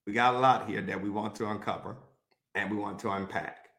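A man teaching a Bible study, reading verses aloud and methodically telling listeners which words to underline and highlight. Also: steady tone, a bit bright. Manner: methodical, repeats instructions to mark the text; reads scripture aloud then pauses to direct.

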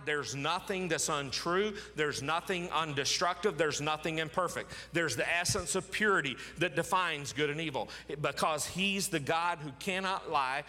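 A pastor preaching an emphatic sermon, repeating key words for stress. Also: male voice, fairly high pitch, pushed and bright, in a large hall.

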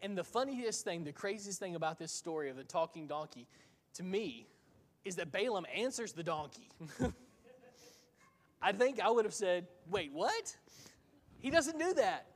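High-voiced man preaching in a reverberant hall. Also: normal speed, pauses often. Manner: conversational storytelling, lively and laughing. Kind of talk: sermon.

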